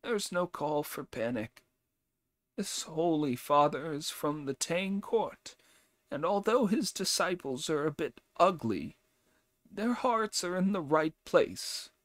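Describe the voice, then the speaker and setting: A man voicing a timid, dim-eyed old male farmer who speaks slowly and wryly. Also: on the high side, expressive, no echo, pitched above the performer's own voice. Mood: soothing.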